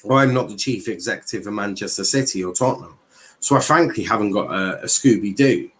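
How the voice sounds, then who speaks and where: A man's voice: on the low side, fairly quick, fairly bright tone, slight background noise. A young man hosting a casual football livestream, bantering with chat, swearing and reading transfer news aloud.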